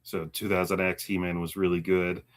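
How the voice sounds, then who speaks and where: A man co-hosting a live stream in casual chat, chatty and animated, laughing often and reading viewer comments aloud. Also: deep voice, moderate pace.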